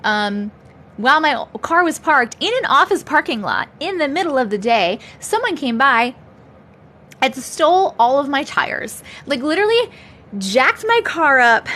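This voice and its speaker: A bright, forceful, high-pitched woman in her thirties hosts a casual livestream, reading the chat aloud. She's chatty and upbeat and laughs often as she talks.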